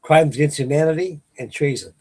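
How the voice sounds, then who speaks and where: Older guy rambling on his late night stream, husky voice kinda high, keeps restarting sentences. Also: fairly quick, dark tone. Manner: folksy, meandering, restarts sentences. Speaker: host of a live stream. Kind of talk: rambling casual chat to viewers. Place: home at night.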